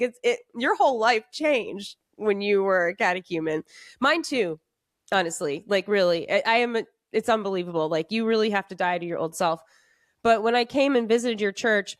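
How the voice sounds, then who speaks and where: A woman's voice: medium pitch, dry recording. Chatty woman podcast host, dry sound. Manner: chatty, rambling, many "like" fillers and restarts. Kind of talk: casual chat.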